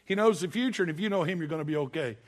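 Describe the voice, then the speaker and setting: Male pastor, fairly high voice, folksy and emphatic sermon delivery. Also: expressive, very fast. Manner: folksy, emphatic preaching with sudden loud bursts.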